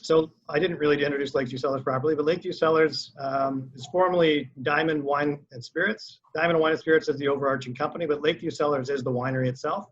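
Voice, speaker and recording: Male winery rep: easygoing, filler-heavy tasting talk, slightly raised pitch, muffled video-call audio. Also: fast talker, hardly any pauses. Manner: relaxed, conversational, many fillers.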